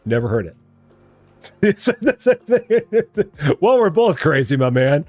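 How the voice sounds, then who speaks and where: Male streamer, casual and playful, animated pitch, mid-range voice. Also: fairly quick, dry recording. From Illinois. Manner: playful, chatty, answers chat. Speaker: live-stream gamer host. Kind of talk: casual live-stream chat.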